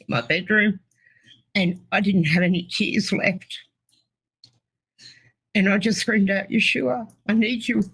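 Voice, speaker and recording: Middle-aged woman, gravelly and a touch husky, giving a halting, earnest testimony. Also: mid-range voice, low-quality recording. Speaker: interview guest. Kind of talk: personal testimony.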